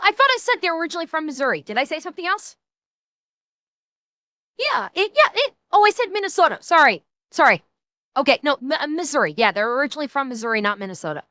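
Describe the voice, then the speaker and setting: A woman streamer reacting to a video, excitable and rambling, swearing freely and correcting herself often. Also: high voice, fast talker, no room sound. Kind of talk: casual reaction commentary.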